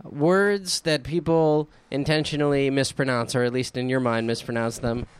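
Chatty man with a smooth voice. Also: mid-range voice, fairly even intonation, normal speed, no echo. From Baltimore, Maryland. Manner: chatty, joking. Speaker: radio co-host. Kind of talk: casual internet radio chat. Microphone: studio mic.

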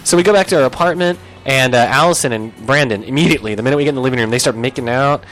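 A young man telling a comic story on a podcast, animated and profane, jumping into loud yelps when he acts out his own lines. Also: medium pitch, racing, soft background music.

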